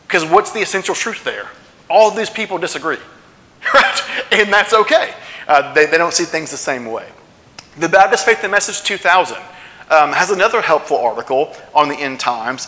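A man's voice: on the high side, bright, forceful tone. A man preaching a sermon to his congregation in a conversational way, often checking in with questions. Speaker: pastor. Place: church sanctuary. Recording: long church hall reverb.

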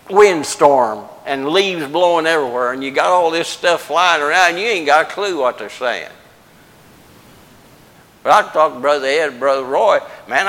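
A man's voice: a little high, a bit bright, big-room sound, low-quality recording. An older man preaching a folksy, plain-spoken sermon, joking with the congregation.

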